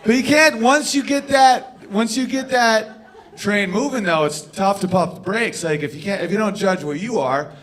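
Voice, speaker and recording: Male stand-up comic, brash and loud, slightly raised pitch, live club stage mic. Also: normal speed, a faint crowd. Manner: brash, loud bursts into shouting for bits. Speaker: stand-up comedian. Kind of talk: stand-up comedy set.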